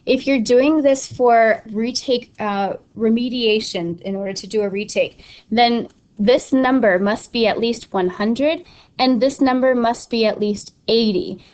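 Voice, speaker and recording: A woman's voice: medium pitch, a little mellow. A young adult woman teacher explaining an online study tool step by step, casual and instructive with frequent ums and restarts. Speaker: Spanish teacher. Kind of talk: screen-recorded tutorial walkthrough.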